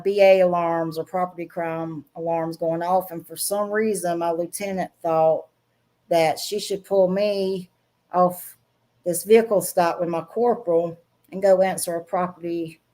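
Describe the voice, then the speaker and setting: A woman's voice: fairly low pitch, a little mellow. A middle-aged woman with a Southern accent, a guest telling frank stories in a casual chat, laughing often as she talks. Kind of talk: casual storytelling interview.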